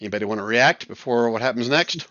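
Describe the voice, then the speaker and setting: A man narrating and running an online tabletop role-playing game as game master, relaxed and chuckling. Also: no echo, muffled recording. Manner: relaxed, chuckling, voices the crowd in quick high bursts. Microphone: headset or desk mic on voice chat.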